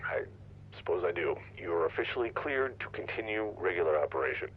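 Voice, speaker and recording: An actor voicing a formal, slightly hesitant sheriff's deputy in game dialogue. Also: male voice, sits low, big pitch swings, a little fast, phone-quality sound, slight background noise.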